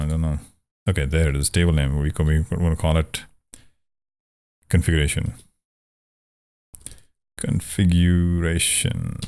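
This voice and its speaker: Male tutor, very deep voice, conversational walkthrough, thinks aloud. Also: a little mellow. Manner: wry, joking about pronunciation. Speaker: programming tutor. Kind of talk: casual screen-share coding walkthrough.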